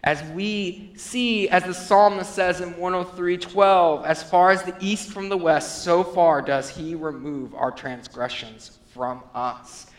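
A pastor preaching in a sermon, his voice a bit high for a man, dropping low and soft before climbing to loud, urgent peaks. A long reverb trails every phrase, as in a large hall. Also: steady tone, slow pace, few pauses. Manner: preaching with wide swings between quiet, low passages and loud, high climaxes.

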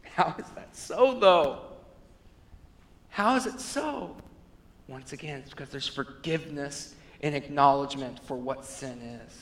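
A man preaching a sermon as pastor, moving between hushed, low passages and loud, rising appeals. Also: unhurried. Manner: preaching with wide swings between quiet, low passages and loud, high climaxes. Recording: long reverb of a hall.

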